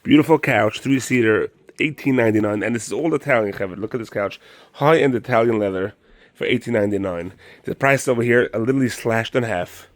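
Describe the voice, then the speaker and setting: A show host doing a store promotion walks through a furniture showroom, eagerly praising the sofas and prices in a sales pitch for a promotional video. His mid-range voice is brisk and the recording is dry. He keeps saying "beautiful", mixes in Yiddish words, and is out of breath on the stairs.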